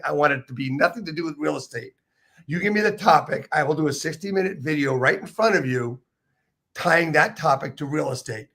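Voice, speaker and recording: A man's voice: on the high side, vocal fry, bright, forceful tone. A man hosting an interview show, talking in an enthusiastic, rambling way with many restarts. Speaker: podcast host. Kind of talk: casual interview chat.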